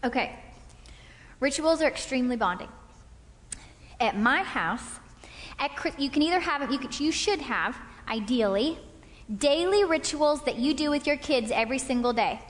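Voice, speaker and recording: A long reverb from the hall surrounds this woman in her thirties as she tells personal stories to an audience at a couples' talk. She sounds warm and animated, her voice sitting high at a moderate pace, with frequent "okay?" check-ins.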